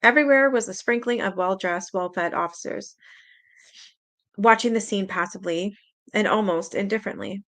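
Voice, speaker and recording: A woman's voice: mid-range voice, moderate pace, fairly bright tone. Casual woman reading a memoir aloud. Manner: casual, laughs now and then, stumbles over words. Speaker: reader.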